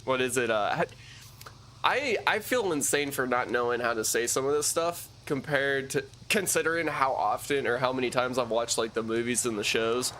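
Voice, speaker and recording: A young man chatting casually on a live game stream, slangy and relaxed, thanking viewers with lots of fillers and restarts. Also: medium pitch, normal speed, slight background noise. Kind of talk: casual live-stream chat while gaming.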